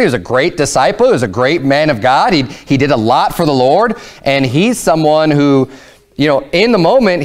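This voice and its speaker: A male pastor preaching a sermon in a loose, conversational way, with frequent fillers and restarts, jumping higher in pitch whenever he quotes someone. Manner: raises pitch sharply when quoting Peter and Jesus.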